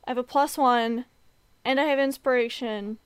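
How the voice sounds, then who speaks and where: A woman player at a tabletop game, talking in an excitable, exclamatory way. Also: fairly high pitch, moderate pace, smooth, no room sound. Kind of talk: casual chat at a tabletop game.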